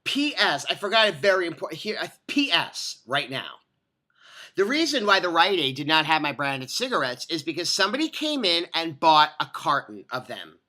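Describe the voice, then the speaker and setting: A bright, sharp-toned adult voice launches into a rambling rant, piling up digressions, false starts and curse words. The delivery is animated and conversational, like a vlogger venting straight to the camera. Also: mid-range voice, moderate pace. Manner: animated, profane, digressive storytelling with many restarts.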